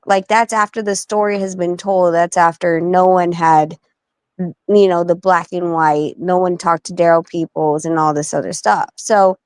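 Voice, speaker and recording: A woman guest on a talk stream, speaking bluntly, swearing freely and telling stories quickly. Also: fairly low pitch, dry recording. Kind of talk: casual talk-show chat.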